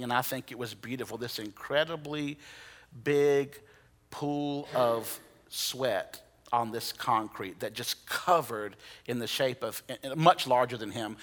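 A man preaching a sermon, telling a personal story dramatically, sometimes dropping to a hush and sometimes rising to excited bursts. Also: medium pitch. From United States. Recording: long hall reverb.

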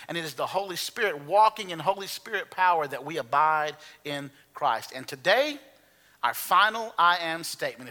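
A man in his fifties delivers a sermon with a brilliant, ringing tone. He sits somewhat high for a man, leaning hard on key words as he preaches. A long church reverb trails behind him. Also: sharp tone. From Alabama, US. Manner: earnest, emphatic preaching, stressing key words. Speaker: pastor. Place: church sanctuary.

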